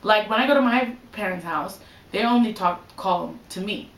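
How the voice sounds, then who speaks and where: Young woman, casual advice vlog, chatty, lots of fillers, medium pitch, roomy echo. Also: normal speed, fairly bright tone. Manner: chatty, filler-heavy, full of "like" and "you know". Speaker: vlogger.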